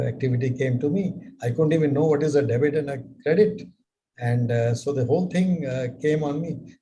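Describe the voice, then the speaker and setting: An older man giving business advice in a live mentorship session, speaking in a measured way with many rhetorical questions. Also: medium pitch, dark tone, poor audio.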